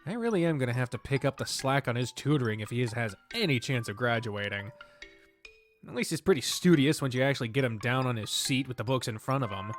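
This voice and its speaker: A man reading a visual novel aloud as narrator, with a wry tone and the odd self-mocking aside. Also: medium pitch. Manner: wry, swears and laughs at his own slips. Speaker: let's-play host.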